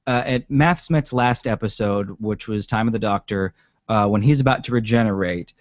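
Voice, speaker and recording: A man's voice: mid-range voice, no room sound. A man co-hosting a casual podcast chat about a TV episode, rambling with lots of ums and swearing. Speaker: podcast co-host. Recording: dry, dull lo-fi sound.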